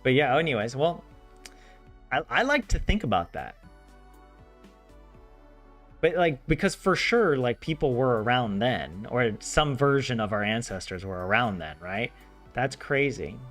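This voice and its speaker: A man's voice: medium pitch, a little slow, long pauses. A man with a Southern American accent, chatting casually and rambling with lots of fillers as he studies a language on his vlog. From southern United States. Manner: rambling, many "like" fillers, animated asides. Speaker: language learner host. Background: soft game music.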